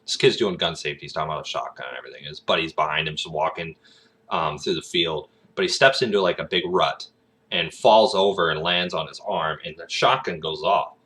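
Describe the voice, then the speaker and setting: A man's voice: very deep voice, a little fast, fairly bright tone. A man vlogging about acting in a casual, rambling monologue full of fillers and laughter. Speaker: aspiring actor, vlogger.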